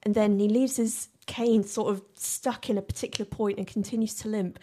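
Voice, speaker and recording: A woman's voice: medium pitch, moderate pace. A woman co-hosting a casual podcast, telling film stories with lots of giggles. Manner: giggly, storytelling, expressive. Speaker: podcast co-host.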